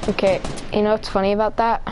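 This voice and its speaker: A woman's voice: medium pitch, flat delivery, fast talker, noisy background. A woman hosting a casual gameplay chat, teasing her partner playfully and giggling often. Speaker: gaming channel host.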